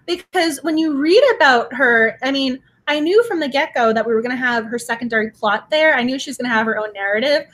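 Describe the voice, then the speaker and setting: Gushing, excitable woman co-host with a high voice for a book talk show. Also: fairly quick, hardly any pauses. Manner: gushing, laughs often, restarts. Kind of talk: casual book discussion.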